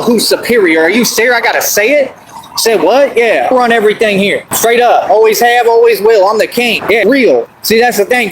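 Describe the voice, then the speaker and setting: A man ranting on a livestream, bragging in street slang and asking over and over whether you understand. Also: high voice. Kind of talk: boastful livestream rant. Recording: noisy livestream audio.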